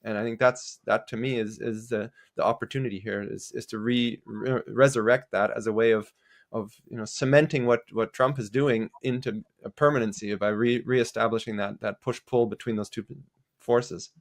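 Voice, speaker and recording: Thoughtful male podcast guest, halting delivery. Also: lowish voice, steady tone. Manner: thoughtful, restarts phrases, many fillers. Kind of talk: casual political discussion.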